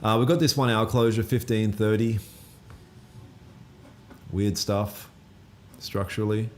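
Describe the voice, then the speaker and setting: A man with a fairly low voice hosts a live trading stream in relaxed, slangy chat. He answers viewers bluntly and swears now and then. A faint hiss sits under his voice. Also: measured pace. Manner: laid-back and slangy, blunt, swears casually. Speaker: trading livestream host.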